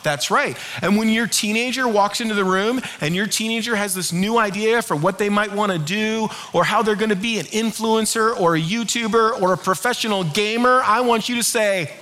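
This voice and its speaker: A middle-aged male pastor preaches with a high, bright voice. He keeps it conversational and lively, pulling the congregation into call-and-response. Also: fairly quick, hardly any pauses, slight background noise. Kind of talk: sermon.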